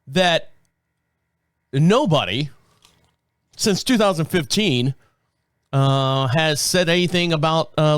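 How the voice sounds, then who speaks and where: A man's voice: fairly high pitch, no room sound, studio quality. A middle-aged man hosting a show, telling rambling stories in casual chat, laughing often and acting out quotes. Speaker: show host.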